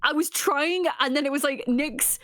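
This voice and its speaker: A woman's voice: high voice, normal speed, sharp tone, no echo, clean studio sound. A woman player in a tabletop game, chatting animatedly. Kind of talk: casual chat.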